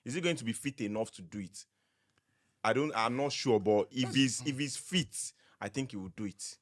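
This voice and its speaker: A man's voice: mid-range voice, moderate pace. A Nigerian man in a casual group chat who argues his point and mixes in Pidgin.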